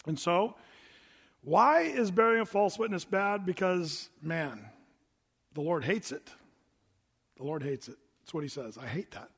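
A man's voice: high voice, lively intonation, a little slow, vocal fry, long pauses, fairly bright tone, husky. A man preaching a sermon in a conversational, emphatic way, posing rhetorical questions to the congregation in a church sanctuary. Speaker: pastor. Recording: long reverb of a hall.

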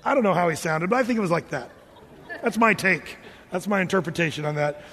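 A man's voice: high voice, a little fast, a bit bright, slightly rough, in a large hall. A man preaching a sermon, telling the story with humor and acting out the characters. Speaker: pastor.

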